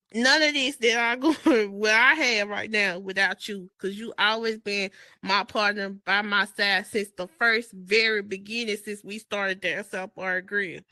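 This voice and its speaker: A woman's voice: medium pitch, bright, forceful tone, dry recording. A woman, co-hosting a podcast in casual chat, heartfelt and laughing often as she thanks her partner. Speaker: podcast co-host.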